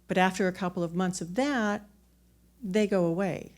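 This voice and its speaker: A woman's voice: lowish voice, normal speed. A woman telling a personal story on a theater stage into a microphone, candid and self-mocking, often restarting her words.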